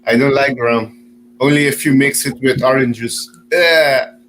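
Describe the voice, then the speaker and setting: A man's voice: medium pitch, measured pace, fairly bright tone, poor audio. Guy on a call reading comments out, slight hum behind. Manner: chatty, reads out comments. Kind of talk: casual chat. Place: Caribbean.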